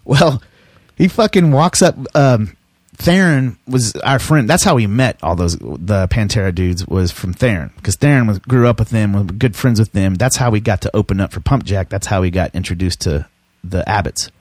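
A man's voice: fairly low pitch, animated, normal speed, darkish tone, no echo, clean studio sound. A middle-aged man telling rambling, profane stories in casual chat, laughing as he goes. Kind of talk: casual storytelling.

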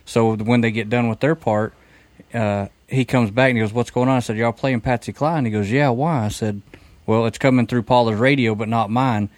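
A man guesting on a podcast recounts an investigation in a steady, matter-of-fact way. His voice sits at an ordinary mid pitch and sounds dry and close to the mic. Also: moderate pace, dry recording. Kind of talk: casual storytelling on a podcast.

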